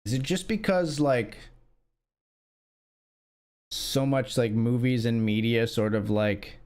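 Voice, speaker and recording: A man streaming his online poker session, narrating the hands as they come. He talks loosely and wryly, thinking out loud and throwing in curses. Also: mid-range voice, takes it slowly. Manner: profane, wry, thinking aloud. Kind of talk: casual live-stream commentary.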